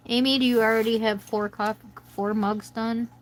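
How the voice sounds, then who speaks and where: A woman's voice: a little high, flat delivery, normal speed, poor audio. An American woman hosting a casual coloring livestream from home, chatting and rambling to viewers as she colors. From United States. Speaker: livestream host. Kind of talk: casual chat while coloring.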